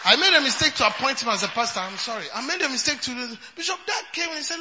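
A man preaching a sermon as a pastor, mixing English and Twi and swinging from soft asides to shouts. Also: extremely high pitch, sing-song, fast. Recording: dull sound in a reverberant hall.

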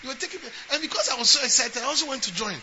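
A man preaching a sermon as a bishop, building from talk into emphatic shouts. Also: extremely high pitch, very fast. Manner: emphatic preaching, rising to shouts and acting out quotes. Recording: lo-fi with steady background noise.

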